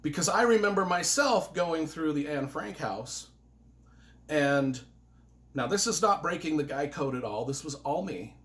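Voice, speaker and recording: A man's voice: fairly high pitch, animated, a little slow, a bit bright. Man, earnest book reviewer, casual and emotional, voice rises and falls a lot; rambles and restarts. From United States.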